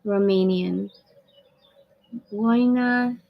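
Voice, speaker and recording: A woman's voice: medium pitch, steady tone, very slow, gravelly, lo-fi sound. A woman hosting a casual live-stream chat from a sailboat at anchor, talking effusively, laughing often and greeting viewers by name. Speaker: host of a live spiritual women's group call.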